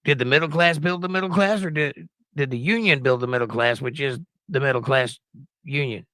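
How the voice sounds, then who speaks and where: A man's voice: medium pitch, fairly quick, sharp tone, dry recording. A man with a Southern US accent giving sarcastic, theatrical commentary over news clips. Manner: sarcastic, theatrical announcer bursts. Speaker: guest commentator.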